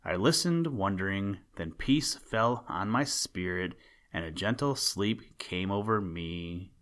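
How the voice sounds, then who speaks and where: A man reading the lines of a sad, dreamy young princess in a low, gentle way. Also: expressive, slow, full character voice.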